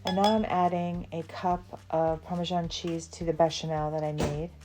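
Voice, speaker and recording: A woman's voice: low voice, level tone, normal speed, music in the background. A woman from the Southern United States hosting a cooking channel, chatting casually through a recipe with fillers and small laughs. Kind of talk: casual cooking demonstration voice-over.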